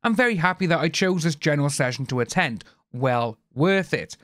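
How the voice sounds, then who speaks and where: A man's voice: fairly high pitch, expressive, fairly quick, fairly bright tone, no echo, studio quality. A man hosting a casual commentary, reading news aloud and adding opinionated, rambling asides. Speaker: channel host.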